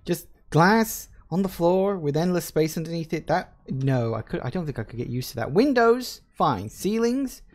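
A man's voice: a little high, animated, normal speed, hardly any pauses, darkish tone. A man with an English Midlands accent giving chatty, joking live commentary while streaming a game and answering his chat. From England.

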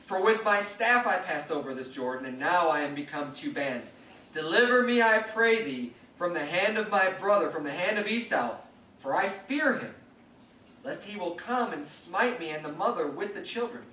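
A man's voice: high-pitched, lively intonation, moderate pace, sharp tone, slight background noise. A man pastor preaching a sermon, reading scripture aloud and explaining it earnestly. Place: church sanctuary. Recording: echoey church room from a distant mic.

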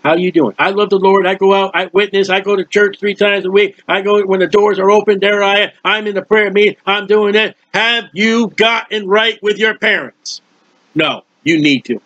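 A man's voice: high-pitched, fairly even intonation, normal speed, a bit bright, no echo. An older man preaching a sermon, earnest and folksy, rambling and acting out prayers as he goes. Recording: dull, lo-fi recording.

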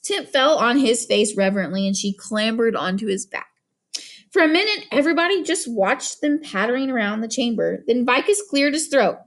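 Woman, audiobook narration, expressive storytelling, higher pitch, animated intonation. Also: brisk. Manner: expressive storytelling, voices each character.

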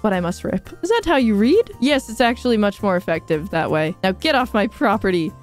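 A young woman streaming a video game, reacting in excitable, squealing commentary as she plays. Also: medium pitch, brisk, faint music behind.

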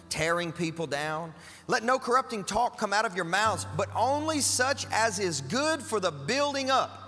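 A man's voice: high-pitched, bright, forceful tone. A man pastor preaching a sermon, emphatic and conversational, with casual asides to the congregation. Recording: church hall with long reverb and faint music.

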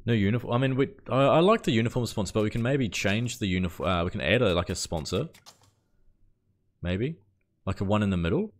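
A man's voice: lowish voice, brisk. A man, chatting casually with viewers while streaming a cricket video game. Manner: relaxed, chatty, greets viewers while playing, mild swearing. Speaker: livestreamer. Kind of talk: casual live game commentary.

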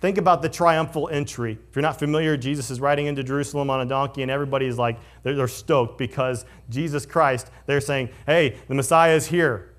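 A male pastor preaching a conversational sermon, moving between lively storytelling and hushed, solemn passages. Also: medium pitch, brisk, hardly any pauses.

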